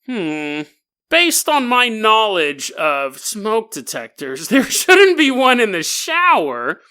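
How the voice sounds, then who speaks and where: A man's voice: sits high, huge pitch swings, slow pace, pushed and bright, smooth, pitched above the performer's own voice, exaggerated voice. A man voicing a pompous, self-styled hero who makes grand, theatrical declarations.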